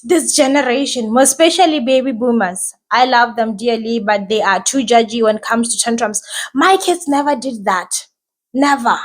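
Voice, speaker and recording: A woman's voice: on the high side, normal speed, few pauses. A woman who hosts a podcast and talks as a mother, giving casual, reassuring advice and often asking "right?".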